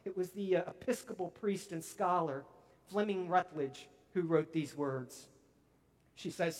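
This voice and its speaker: A man preaching a sermon as pastor, emphatic and swinging from near-whispers to booming declarations. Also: a little slow.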